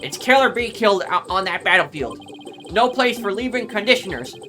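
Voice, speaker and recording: A woman's voice: medium pitch, lively intonation, a little fast, bright, forceful tone, soft background music, pitched above the performer's own voice. A woman voicing a boy who plays a blustering drill sergeant through a drone, barking orders in a bossy military drawl.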